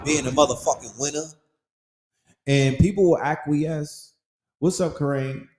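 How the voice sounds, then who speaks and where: A man's voice: on the high side, measured pace, darkish tone, roomy sound. A man hosting a podcast, giving a casual motivational monologue in an emphatic, preachy way, with heavy slang and profanity and phrases repeated for effect. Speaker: podcast host.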